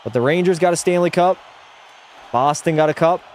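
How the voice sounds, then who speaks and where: A man's voice: on the high side, fairly quick, darkish tone. Blunt young man streaming hockey. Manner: opinionated, blunt, reads chat aloud. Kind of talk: casual live-stream chat. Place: home room.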